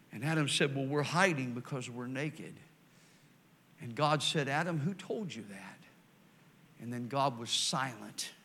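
Bright-voiced preacher, folksy. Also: male voice, high voice. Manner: folksy, storytelling, swings from loud emphatic to quiet and slow. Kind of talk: sermon.

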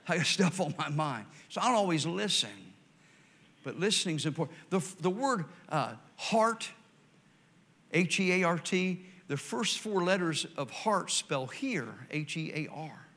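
An older man preaching, telling folksy stories and swinging from loud emphatic lines to quiet, slow ones. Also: a little high, expressive. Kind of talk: sermon.

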